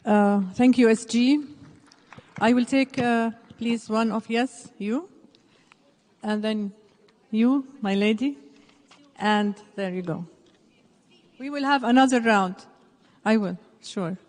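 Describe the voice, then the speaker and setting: A woman's voice: on the high side, slow pace, long pauses, darkish tone. A woman moderating a town hall, directing the floor and calling on speakers. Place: large meeting hall. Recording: long hall reverb with crowd behind.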